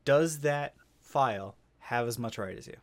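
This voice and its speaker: A man's voice: medium pitch, a little slow, dry recording. A man hosting a casual podcast, rambling and swearing freely with frequent restarts. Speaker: podcast host. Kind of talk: casual chat.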